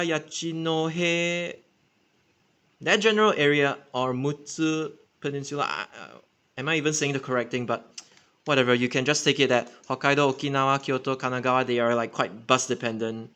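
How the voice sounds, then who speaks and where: A Singaporean man talks off the cuff in a bright, forward voice. He rambles and restarts and keeps correcting himself. His pitch sits in a middle range. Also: smooth. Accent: Singaporean English. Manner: rambling, filler-heavy, self-correcting. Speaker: transit enthusiast channel host. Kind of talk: unscripted casual explainer.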